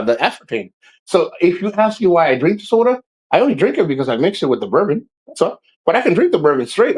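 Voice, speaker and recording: A man's voice: fairly high pitch, poor audio. A man hosting a casual livestream, talking in a rambling, jokey way and swearing freely. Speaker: livestream host.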